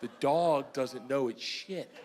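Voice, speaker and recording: A man performing stand-up comedy on stage into a handheld mic, loud and animated, laughing through his lines. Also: medium pitch, takes it slowly. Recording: noisy live comedy club.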